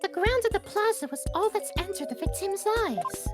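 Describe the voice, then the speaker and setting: A woman's voice: very high-pitched, animated, normal speed. A woman voicing a haughty, imperious young princess priestess in stiff, formal speech while reading game dialogue with friends. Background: game music.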